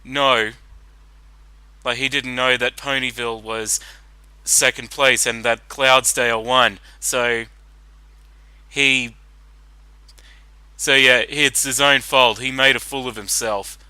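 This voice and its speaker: A man talks through a cartoon episode in a loose, rambling way, slow and unhurried. His voice is bright and forceful, close and dry on the mic, with faint music under it. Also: mid-range voice, fairly even intonation, smooth, dry recording, rough recording. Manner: casual, rambling, many fillers. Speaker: commentator. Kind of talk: blind reaction commentary.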